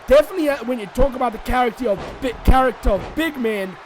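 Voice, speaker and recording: A man giving excitable, shouty solo commentary over a wrestling video game, swinging between rants and mock outrage. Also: extremely high pitch, fast, music in the background.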